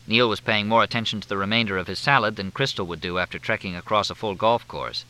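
Male audiobook narrator, low, bright, animated delivery. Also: fairly quick, few pauses, poor audio. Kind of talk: scripted narration.

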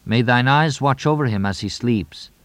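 A man's voice: medium pitch, moderate pace, a bit bright, dry recording, voice pushed up, natural voice. A man voicing solemn grieving young man.

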